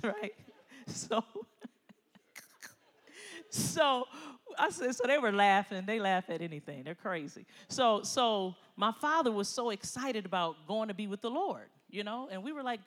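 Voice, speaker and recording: Bright-voiced woman preaching in a hall. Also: medium pitch, moderate pace. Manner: animated, swings from quiet storytelling to loud exhortation, laughs often. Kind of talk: sermon with personal stories. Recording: long hall reverb.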